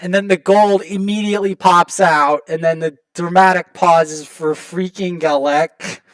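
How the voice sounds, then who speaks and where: A man hosting a gaming channel, casually commenting to viewers as he opens rewards, prone to excited outbursts. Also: high-pitched, unhurried, no echo. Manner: excitable, talks to viewers while opening rewards.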